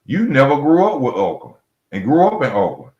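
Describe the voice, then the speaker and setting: A man's voice: medium pitch, wildly swooping pitch, fairly quick, darkish tone, reverberant, dull audio. A man hosting a heated solo boxing rant, blunt and mocking, repeating his points and calling fighters out directly. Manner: blunt, mocking, repetitive, speaks straight to fighters. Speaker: boxing commentary host.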